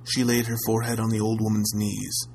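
Gravelly-voiced man reading a tale. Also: lowish voice, a little hiss or hum, poor audio. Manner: measured, steady storytelling. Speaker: narrator. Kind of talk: audiobook reading of a classic tale.

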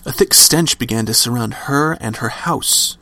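A man's voice: medium pitch, moderate pace, bright, forceful tone, dry recording. A man narrating a scripted horror story with dramatic, varied emphasis.

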